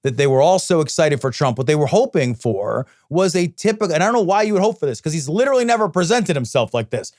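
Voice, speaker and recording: A man's voice: a little high, very animated, fast talker, hardly any pauses, darkish tone, dry recording, clean studio sound. A man co-hosting a podcast, talking politics in a heated, crude and sarcastic way. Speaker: podcast co-host. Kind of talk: casual political chat.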